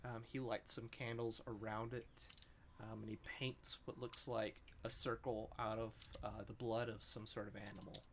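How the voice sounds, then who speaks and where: A man's voice: fairly low pitch, little pitch movement, moderate pace, vocal fry, slight background noise. A man narrating as game master, describing the scene with frequent ums.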